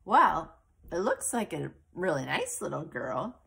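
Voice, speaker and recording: A playful, teasing father speaks loudly and gleefully, as a woman reads him aloud. He wants his own way and says so with cheerful insistence. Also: sits low, very animated, unhurried, vocal fry, husky, exaggerated voice. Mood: insistent.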